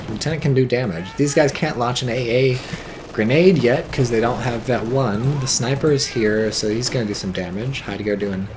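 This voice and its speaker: A man's voice: medium pitch, noisy background. A man giving casual live-stream commentary on a strategy game, wry and offhand, swearing now and then.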